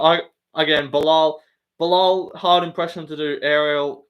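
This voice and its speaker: A man's voice: fairly high pitch, steady tone, measured pace, muffled recording. Swearing man chatting on a live stream. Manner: swearing, laughing, banter with chat. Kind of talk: casual live stream chat.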